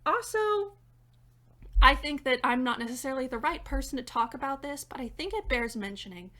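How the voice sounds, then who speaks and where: Bright-voiced young woman reviewing theater. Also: sits high, brisk. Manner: chatty and animated, laughing between points. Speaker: theater critic and dramaturg. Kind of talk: casual video review. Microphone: reading notes off-camera.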